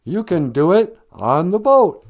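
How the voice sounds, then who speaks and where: A man's voice: sits high, very animated, measured pace, a little mellow, voice pushed up, heavily acted. A man voicing an overly cheerful, wholesome sitcom-style parent in a goofy, exaggerated way.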